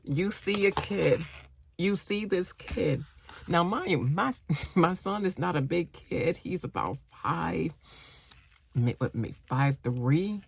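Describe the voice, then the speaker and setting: Shaken, gravelly-voiced woman speaking slowly. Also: fairly low pitch, animated, a little hiss or hum. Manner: emotional, halting, repeats herself often. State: upset and shaken. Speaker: mother telling a personal story. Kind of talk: casual personal vlog.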